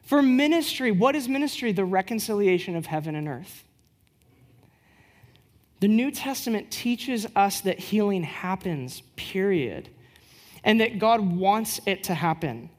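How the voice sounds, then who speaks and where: A woman giving a casual teaching talk at church, conversational with rhetorical questions and lively storytelling. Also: medium pitch, unhurried. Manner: lively storyteller who acts out quoted dialogue.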